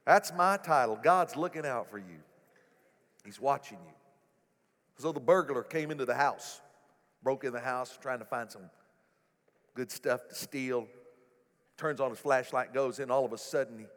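A male pastor preaching a sermon in a church, animated and building to loud exclamations. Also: mid-range voice, normal speed, pauses often. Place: church sanctuary. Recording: echoey hall.

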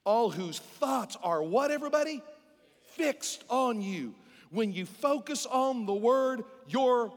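A male pastor preaching a sermon, calling out questions to the congregation and swinging between loud emphatic lines and hushed ones. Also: high-pitched. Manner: preaching with call-and-response to the congregation. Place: large church hall. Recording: long reverb of a large hall.

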